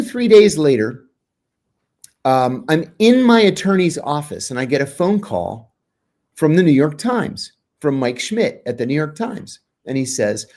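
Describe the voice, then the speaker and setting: A middle-aged American man, a former intelligence officer, tells a story as an interview guest, acting out the quoted lines with sudden jumps in pitch. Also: vocal fry, darkish tone. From United States.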